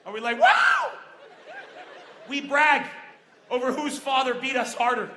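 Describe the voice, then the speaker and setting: High-pitched bright Lebanese comedian on stage. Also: male voice, a little slow, long pauses, slight background noise. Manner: animated, acts out quoted voices. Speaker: stand-up comedian. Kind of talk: stand-up comedy set. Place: large outdoor festival stage. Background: crowd laughter.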